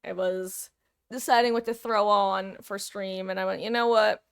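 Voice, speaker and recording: A woman's voice: medium pitch, steady tone, normal speed, fairly bright tone, smooth. A woman streaming live, chatting casually with her viewers in a rambling, self-interrupting way and laughing often.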